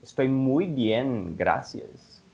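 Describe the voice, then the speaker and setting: A man's voice: mid-range voice, animated, vocal fry, dark tone. Patient man tutoring over video call. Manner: patient, explains slowly with examples. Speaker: Spanish tutor. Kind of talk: online language lesson. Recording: slightly dull video call audio.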